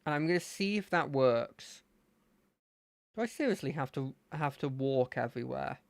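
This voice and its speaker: A gaming streamer chatting casually while playing, with a lively, up-and-down voice. The tone stays relaxed as they think aloud, and the close mic sounds dry. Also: mid-range voice, moderate pace, vocal fry, dry recording. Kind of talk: casual let's-play commentary.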